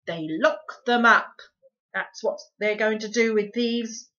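A spiteful middle-aged housekeeper from a storybook, as a woman reader puts her on. She scolds in a loud, sharp, bright voice, hurling insult after insult. The recording sounds dull and lo-fi. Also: a little high, takes it slowly, voice pushed up. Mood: menacing. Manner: harsh, loud, spitting insults.

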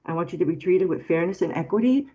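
A woman's voice: lowish voice, expressive, fast, muffled recording. A woman resident giving appreciative public comment at a town forum. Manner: warm thanks, appreciative.

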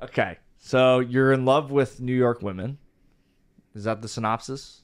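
A man's voice: medium pitch, a little slow. A young man co-hosting a podcast, chatting easily and leaning on "dude" and "like". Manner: easygoing, says "dude" and "like" a lot. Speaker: podcast co-host. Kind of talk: casual chat.

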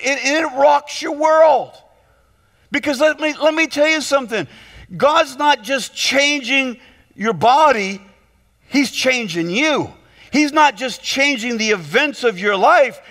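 A man preaching a humorous sermon as pastor, telling stories in an animated way with quick jokes and repeated words. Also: very high-pitched. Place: church sanctuary. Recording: long hall reverb.

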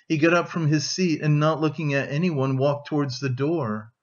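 A man's voice: on the high side, normal speed, highs cut off. Man narrating a classic novel. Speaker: audiobook narrator. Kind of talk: scripted narration.

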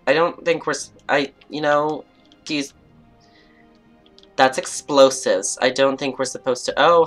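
Playful Canadian woman with a lively voice. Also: very deep voice. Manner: playful and chatty, mock outrage, jokey asides. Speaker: let's play host. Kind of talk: gameplay commentary, reading quest text aloud.

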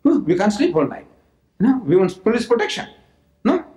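A high-voiced man from South Africa delivers a religious lecture with lots of energy. He keeps repeating phrases for effect and throws in mocking asides, and the talk echoes around a large lecture hall. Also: very animated, normal speed, mellow. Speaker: public lecturer. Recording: roomy lecture hall recording.

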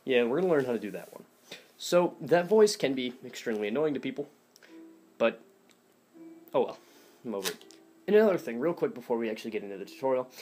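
A young man talks through a casual voice tutorial, rambling and self-deprecating with plenty of fillers. His pitch sits right in the middle for a man. It sounds recorded on a phone or webcam at home. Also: a little mellow. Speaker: voice impressions teacher.

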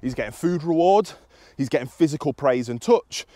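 Calm British man explaining dog training. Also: fairly quick, no echo, studio quality. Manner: calm and instructive, with high excited praise to the dog. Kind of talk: explaining to camera while training outdoors.

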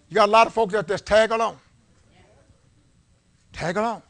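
A man preaching a sermon in a church, leading call-and-response and swinging from low talk to shouted peaks. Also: steady tone, moderate pace, pauses often. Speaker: pastor. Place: church sanctuary before a congregation. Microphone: live-streamed service mic.

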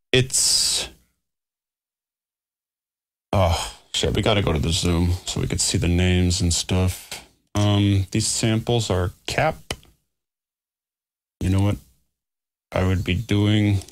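A man's voice: lowish voice, gravelly. A man producing music on a livestream, talking to himself in a scattered way, swearing and mocking himself. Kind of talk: casual livestream talk while working.

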